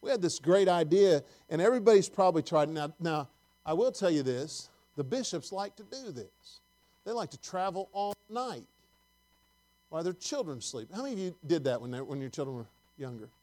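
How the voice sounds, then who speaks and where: A middle-aged male preacher delivers a conversational sermon, reading scripture and putting questions to the congregation. His voice is fairly high and warm, with lively intonation and a fairly quick pace.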